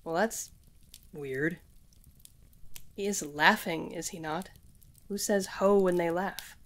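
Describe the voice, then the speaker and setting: A woman's voice: on the low side, takes it slowly. A woman playing a scatterbrained young witch in training. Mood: puzzled. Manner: rambling, addresses the listener directly. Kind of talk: audio role-play for a listener.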